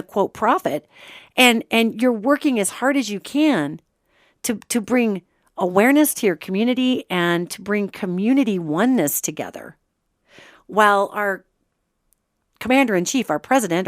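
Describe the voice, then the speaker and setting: A woman's voice: fairly high pitch, no room sound, studio quality. A middle-aged woman hosting a solo spiritual commentary podcast, talking to listeners in an impassioned, conversational way. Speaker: host.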